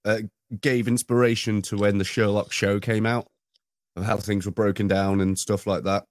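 A man's voice: fairly low pitch, flat delivery, normal speed, dry recording, studio quality. A man in casual chat, joking and teasing with crude banter.

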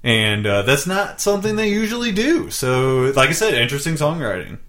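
A man's voice: fairly high pitch, big pitch swings, fairly quick, fairly bright tone. A laid-back American man hosting a casual podcast chat about music, rambling a little and swearing freely.

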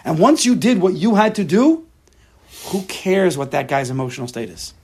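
A man's voice: sits high, expressive, moderate pace, darkish tone, slight background noise. A man teaching a religious text class to students, emphatic, often acting out imagined inner voices. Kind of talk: Torah class lecture, explaining a text to students.

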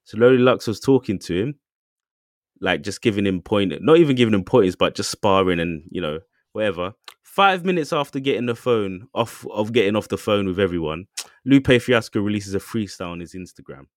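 A man's voice: lowish voice, lively intonation, a little fast, no room sound, studio quality. A man co-hosting a podcast, telling a story loosely with lots of fillers and asides. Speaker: podcast co-host. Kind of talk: casual chat.

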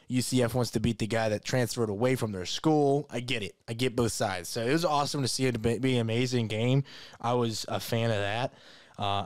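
A man's voice: mid-range voice, clear, resonant tone, no room sound, clean studio sound. A man co-hosting a casual sports podcast in a laid-back way, laughing often and calling people "man" and "bro.". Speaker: podcast co-host.

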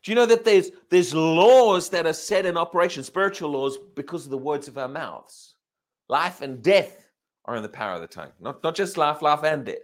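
At normal speed, a pastor with a slightly high, animated voice gives a sermon. He poses rhetorical questions, repeats himself and starts phrases over, and holds out key words to underline them.

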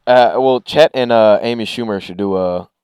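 A man's voice: lowish voice, normal speed, a little mellow, clear, resonant tone, no echo. A man co-hosting a podcast in casual chat, talking bluntly with plenty of swearing and filler words. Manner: blunt and profane, lots of fillers. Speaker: podcast co-host.

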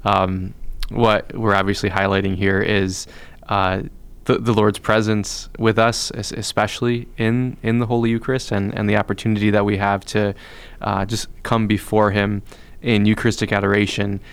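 A man, a priest hosting a podcast, asking questions in a calm, measured way with hesitant fillers. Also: on the low side, smooth. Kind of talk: interview questions.

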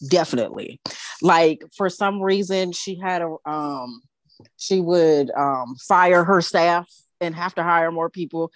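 A woman co-hosting a casual podcast panel chat, telling stories in a sassy, animated, slangy way. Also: on the low side, measured pace, dry recording. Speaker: podcast co-host.

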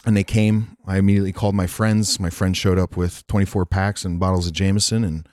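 Low-voiced man telling a frank story. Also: little pitch movement, fast, darkish tone, dry recording, clean studio sound. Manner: frank, rambling, swears freely. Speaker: podcast guest. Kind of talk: candid personal storytelling in casual chat. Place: Nashville.

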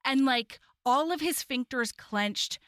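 A woman co-hosting a podcast, retelling a romance novel in lively casual chat and jumping into high, dramatic voices for the characters. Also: slow pace, dry recording, studio quality. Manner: lively storytelling, swings up high to act out lines. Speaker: podcast co-host.

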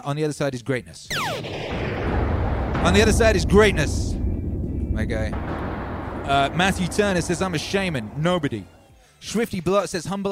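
A man hosting a music livestream, reading out viewers' comments with playful deadpan asides. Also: a little high. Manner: playful, deadpan asides, frequent ums and uhs.

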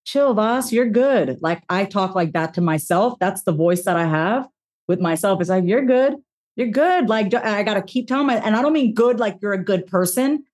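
A woman speaking as a podcast guest, giving a heartfelt motivational talk with expressive self-talk and casual swearing. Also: mid-range voice.

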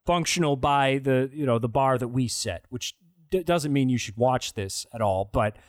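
A man's voice: mid-range voice, normal speed, no room sound, clean studio sound. A man co-hosting a casual movie review podcast, rambling, sarcastic and swearing freely. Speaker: podcast co-host.

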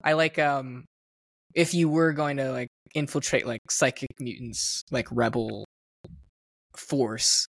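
Male podcast co-host, gravelly, dry close mic, laughs a lot, loose chatty delivery. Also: medium pitch, steady tone, slow pace, no echo. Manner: chatty, laughs often, many "like" fillers. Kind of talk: casual film podcast chat.

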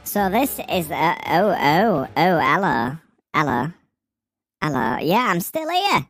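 A man putting on a Yorkshire accent for a comic podcast bit, with his voice raised by a pitch-shifting effect, giggly and stumbling. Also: very animated, slow pace, fairly bright tone, faint music behind, heavily acted. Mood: silly. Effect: pitch-raising voice effect.

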